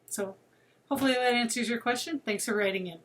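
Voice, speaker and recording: A woman's voice: fairly high pitch, fast, a bit bright. A middle-aged woman, a psychic medium, telling a personal story to camera in an emphatic way, repeating words for effect. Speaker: psychic medium answering viewer questions.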